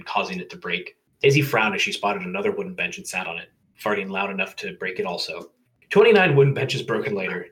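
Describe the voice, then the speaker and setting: Casual male reader, bright and lowish, reading a comedic story with asides. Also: low-quality recording. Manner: reads aloud, breaks off to joke and laugh. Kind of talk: casual comedic read-aloud.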